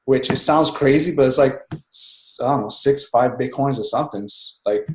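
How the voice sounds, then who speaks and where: An excited man chats on a group call in a mid-pitched voice, rambling from one thought to the next and tossing in "man" at the end of his sentences. His voice comes through with a roomy echo, as if heard across a call line. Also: normal speed. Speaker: team member speaking on a group call. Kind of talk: casual chat on a conference call.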